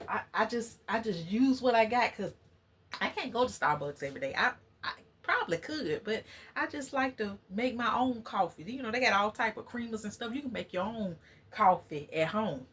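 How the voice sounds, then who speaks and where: A woman's voice: a little high, lively intonation, moderate pace, a bit bright, husky. A woman vlogger in casual, preachy chat with her viewers. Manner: chatty, preachy, talks to viewers as y'all. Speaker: channel host.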